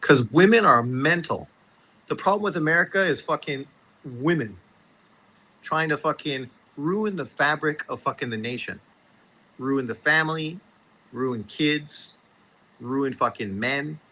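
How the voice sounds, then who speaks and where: Profane ranting man with a bright voice. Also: a little high, lively intonation, a little slow, a little hiss or hum, low-quality recording. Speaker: boxing show host. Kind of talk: casual live-stream rant.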